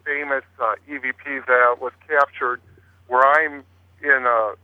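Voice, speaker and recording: Calling in as a guest on a phone-in talk show, a paranormal investigator rambles casually about his investigations, full of fillers and restarts. His mid-range voice has fairly even intonation and a measured pace, heard over a tinny, dry phone line.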